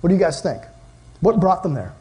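A man's voice: high voice, a little fast. A young man preaching a casual youth sermon, telling stories animatedly with lots of "like" fillers. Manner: animated storytelling, many "like" fillers. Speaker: youth pastor.

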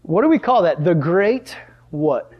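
A man preaching a sermon to a live audience in church, animated and often asking the crowd questions. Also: sits high, measured pace, slightly rough, muffled recording. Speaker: pastor.

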